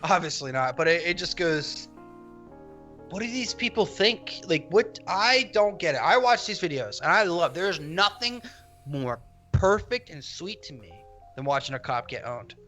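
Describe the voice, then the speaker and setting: A man co-hosting a podcast, chatting casually in a rambling, profane, animated way. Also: a little high, a little slow, soft background music. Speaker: podcast co-host.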